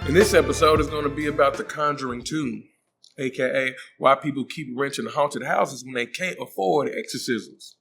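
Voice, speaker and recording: A man's voice: mid-range voice, normal speed, creaky, a bit bright, soft background music. A man hosting a comedic movie recap, joking in slang and acting out the characters' voices. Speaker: host.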